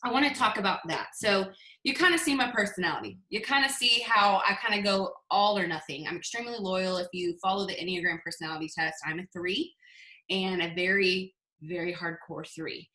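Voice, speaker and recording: Upbeat woman coaching her team on a video call; animated storyteller with a crisp, bright tone and a roomy echo. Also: mid-range voice, a little fast. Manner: chatty, animated storytelling with acted-out quotes. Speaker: team leader giving a sales training. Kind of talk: casual motivational talk on a video call.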